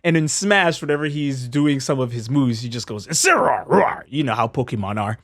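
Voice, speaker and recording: A man casually narrating highlights from his game stream, upbeat and chatty, laughing as he explains. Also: fairly quick. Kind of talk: casual commentary over stream clips.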